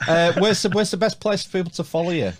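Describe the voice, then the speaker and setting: A man's voice: high-pitched, quick pace, slight background noise. A man hosting a podcast, chatty and keeping the conversation moving. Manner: chatty, animated, wraps up the show. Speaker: podcast host. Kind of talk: casual chat.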